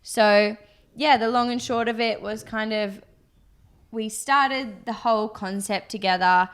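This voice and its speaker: A woman's voice: a little high, steady tone, a little slow, clean tone. Chatty young woman co-host, loose and rambling, talks business with her partner. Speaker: podcast co-host, business co-founder. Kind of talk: casual chat.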